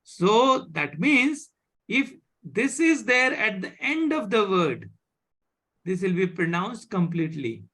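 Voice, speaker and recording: A teacher with an Indian accent giving a live online French class, speaking slowly, repeating words and checking with "right?". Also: mid-range voice, sing-song, fairly bright tone. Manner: slow, repeats words, asks "right?" often.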